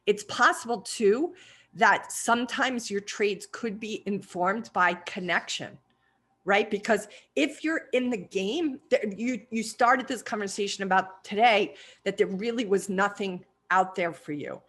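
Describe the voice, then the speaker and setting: A woman's voice: mid-range voice, a little slow, fairly bright tone. A woman hosting and coaching, asking probing questions and affirming what she hears. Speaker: trading psychology coach and host. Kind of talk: coaching conversation.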